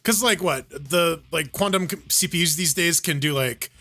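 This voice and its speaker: A man with a fairly high, bright voice banters on a live gaming podcast, quick and self-mocking. Soft music runs faintly behind him. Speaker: podcast co-host.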